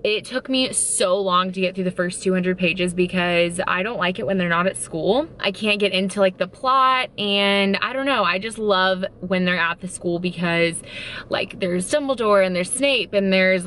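A young woman with a bright, clear voice chats excitedly to her camera as a book vlogger. She gushes and peppers her talk with "like", and a faint hum of room noise sits behind her. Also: medium pitch. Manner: gushing, excitable, full of "like". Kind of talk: casual chat.

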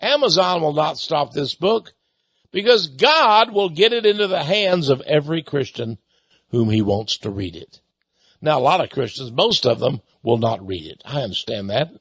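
A man hosting a radio talk show, preaching emphatically and pitching a product, with repeated words and sarcastic asides. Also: sing-song, normal speed, fairly bright tone, slightly rough, no echo, dull audio. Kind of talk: preachy radio monologue with an on-air sales pitch. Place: studio with a co-worker present.

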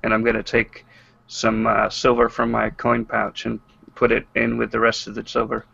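A man's voice: medium pitch, completely flat delivery, moderate pace, vocal fry, pushed and bright, breathy edge, highs cut off. A man playing in an online tabletop game, talking hesitantly with many fillers. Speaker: player.

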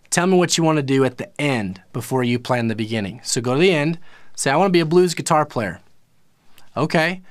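A man with a fairly high voice teaches a live online music lesson, recorded with no echo. He explains casually, with lots of fillers, restarts, and self-corrections.

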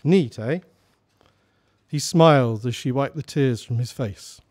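A man reading his short story aloud at a live salon, narrating at a steady, measured pace. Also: medium pitch.

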